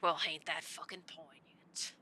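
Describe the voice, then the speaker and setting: A woman voicing a grizzled, sardonic male vampire in a game, with a low, muttered gruff drawl. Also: fairly even intonation, measured pace, pushed and bright, a little hiss or hum.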